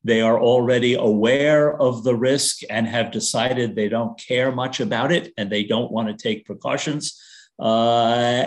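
An older man lectures from slides at a middle pitch, often pausing on "uh" and restarting his sentences. His delivery is thoughtful and unhurried, with a dry, wry humor. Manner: hesitant, many "uh" fillers and restarts, dry humor. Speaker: risk communication consultant giving a lecture.

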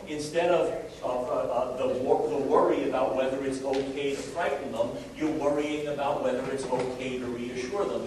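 A man giving a live lecture to a room of listeners, speaking in a wry, conversational way with many fillers and restarts. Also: mid-range voice. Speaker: lecturer on risk communication. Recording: very echoey room, distant mic, steady noise.

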